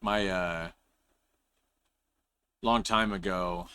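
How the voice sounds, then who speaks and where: Bright-toned American man chatting casually. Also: sits low, drawn-out words, smooth. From United States. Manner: relaxed, rambling, self-correcting. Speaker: reaction video host. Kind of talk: casual reaction chat.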